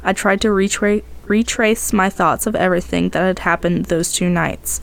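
A woman's voice: mid-range voice, fairly even intonation, normal speed, creaky. A woman podcast host narrating a tense first-person tale in a dramatic storytelling manner.

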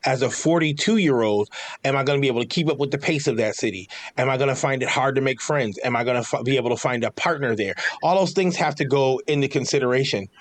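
A blunt man, talking in a casual chat. He speaks at an ordinary pitch for a man and swears now and then for emphasis. He works through his point step by step. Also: fast talker. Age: 40s.

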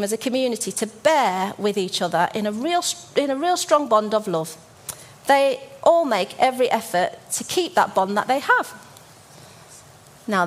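A woman telling stories in a church talk. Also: a little high. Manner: warm storytelling with frequent fillers and restarts. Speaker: church speaker. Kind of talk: sermon.

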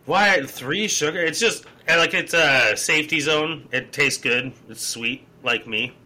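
A man chatting casually on a podcast, telling animated stories and slipping into put-on voices. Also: medium pitch, unhurried, rough recording. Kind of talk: casual chat.

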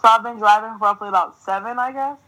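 A young woman from New Jersey, a podcast host telling a story in casual chat, swearing freely and ranting in an animated way, laughing often. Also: fairly high pitch, fast talker, poor audio.

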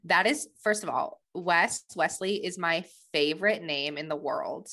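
Woman co-host, slightly low pitch, rambling and enthusiastic. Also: a little slow, pushed and bright. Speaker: podcast co-host. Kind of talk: casual podcast chat.

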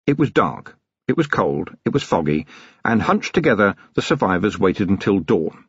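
Man, audiobook narration, animated delivery, husky tone, dull dry recording. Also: fairly low pitch, moderate pace, no echo. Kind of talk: scripted narration.

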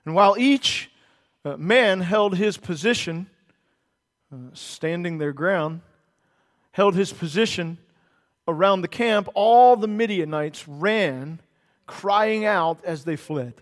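Male pastor, lively storytelling sermon, acts out the characters, high voice, long church-hall reverb. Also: slow.

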